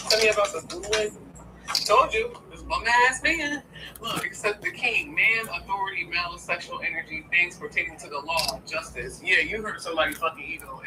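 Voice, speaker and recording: A woman giving a casual tarot reading to her viewers, blunt and profane, often asking "okay?". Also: medium pitch. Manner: keeps checking in with "okay?". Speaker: tarot reader. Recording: distant mic with steady background noise.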